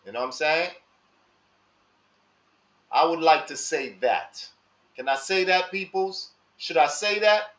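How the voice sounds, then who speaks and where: A man talking casually and slowly to his live audience in street slang, asking viewers for their advice. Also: on the high side, fairly bright tone. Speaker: live stream host. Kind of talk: casual monologue to live chat. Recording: echoey room, dull lo-fi sound.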